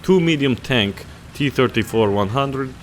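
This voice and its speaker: A man putting on a deliberately bad Russian accent to read out a promotional offer as a grand male announcer. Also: medium pitch, lively intonation, slight background noise, natural voice. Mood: mock-grand. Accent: put-on Russian. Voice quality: hammy, deliberately bad accent with added throat rasp. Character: mock-Russian male announcer hyping a sale.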